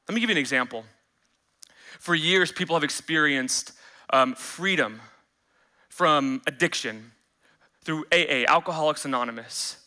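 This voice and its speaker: A man preaches a sermon, his bright, fairly high voice swinging into the voices of the people he quotes. He is the pastor of the church, and his delivery is animated and lively. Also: a little slow, pauses often.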